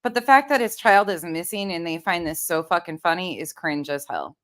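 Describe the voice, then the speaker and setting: A woman's voice: fairly low pitch, expressive, fairly quick, a bit bright. Blunt sarcastic woman commentator. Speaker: commentary host. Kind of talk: recap commentary over played clips.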